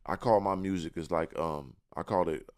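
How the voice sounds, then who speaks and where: A man's voice: sits low, normal speed. A young man, a rapper guest on a podcast, talking about himself with boastful confidence and street slang. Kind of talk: casual interview talk.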